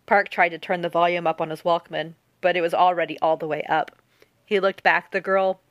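Woman audiobook narrator, lowish voice, steady delivery, dry close mic. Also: a little fast, dry recording. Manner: even, steady storytelling.

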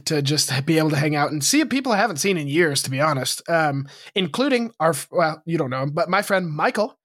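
A man's voice: on the high side, fairly bright tone, no room sound, studio quality. A young man co-hosting a comedy podcast, telling awkward stories about himself and laughing often. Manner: laughs often, self-deprecating storytelling. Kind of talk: casual comedic chat.

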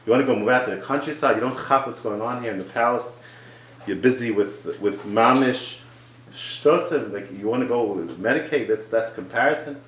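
A tearful older king, as a preacher puts him on, scolds his son in a lowered, insistent, pleading voice. His pitch stays in a middle range. A roomy echo surrounds the voice. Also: moderate pace, fairly bright tone, slight background noise, close to an everyday voice.

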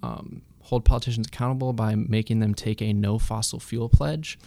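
A young man with a low, gravelly voice answers interview questions in a flat, even tone. He pauses often and fills gaps with ums. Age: young adult. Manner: hesitant, many ums and uhs. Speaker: student activist guest.

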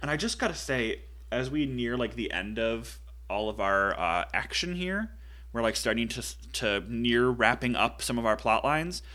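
A man's voice: mid-range voice, lively intonation, moderate pace, sharp tone. A man co-hosting a podcast, chatting casually about a film, laughing often and playful. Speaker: podcast co-host. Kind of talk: casual chat recapping a film.

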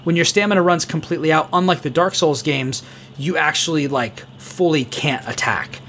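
A man's voice: fairly high pitch, normal speed, fairly bright tone, slight background noise. A man co-hosting a casual gaming podcast, talking eagerly at length with many fillers. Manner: enthusiastic, rambling, heavy on fillers. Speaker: podcast co-host.

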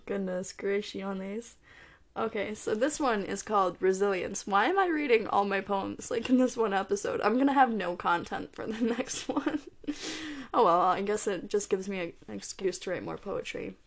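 A woman's voice: medium pitch, gravelly. A woman who is losing her voice, chatting casually as a podcast host and reading her own poems aloud. She is self-deprecating and often trips over her words.

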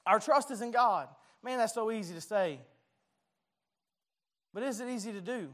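Pastor guy preaching, high voice, chatty and jokey about himself, keeps restarting his words. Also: moderate pace, fairly bright tone. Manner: conversational, self-deprecating, stumbling restarts. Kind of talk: sermon.

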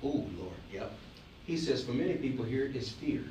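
A man's voice: medium pitch, lively intonation, normal speed, warm tone, slight background noise. Man preaching in an echoing sanctuary. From Alabama. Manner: preachy, emphatic, joking asides, call-and-response questions. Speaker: pastor. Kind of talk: sermon. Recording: roomy, distant mic, faint ambience.

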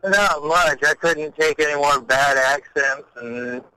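A man calling in to a show, a truck driver talking in a laid-back, dry-humored way with halting fillers. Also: a little high, pushed and bright, clear, resonant tone, low-quality recording. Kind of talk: casual phone-in chat.

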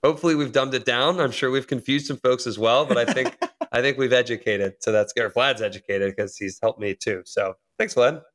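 A man from the United States hosting a casual podcast discussion, relaxed and quick to laugh as he wraps up. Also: medium pitch. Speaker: podcast host.

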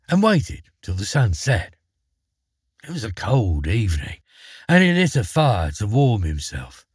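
A husky-voiced man telling a fairy tale, his pitch rising and falling in lively, expressive storytelling. He reads at a measured pace, and the recording is close and dry with no room sound. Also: no room sound.

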